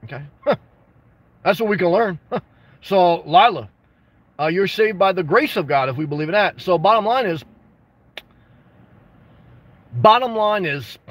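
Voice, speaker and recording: A man hosting a casual livestream, answering viewer comments with blunt, jokey advice and bursts of excitement. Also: sits high. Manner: reads and responds to viewer comments. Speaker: livestream host answering chat.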